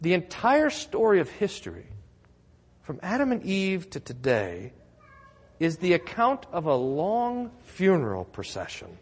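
A man's voice: sits high, huge pitch swings, measured pace, big-room sound. A man preaching a sermon in a church, telling the story with drama and building to emphatic declarations. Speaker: pastor.

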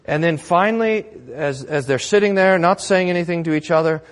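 A man's voice: on the high side, fairly quick. A male pastor preaching a sermon in a church, conversational with wry humor.

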